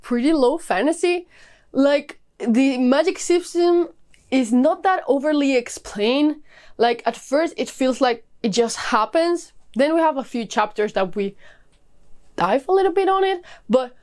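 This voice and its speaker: Gushing woman reviewing books, slightly high voice. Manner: gushing, enthusiastic, many fillers like "like". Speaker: book reviewer. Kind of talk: casual book review vlog.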